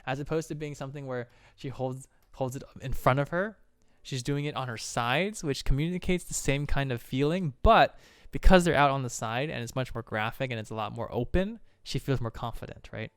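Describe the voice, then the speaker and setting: A man's voice: mid-range voice, fairly quick, smooth, dry recording. A man casually breaking down animation on a stream, enthusiastic with playful exclamations.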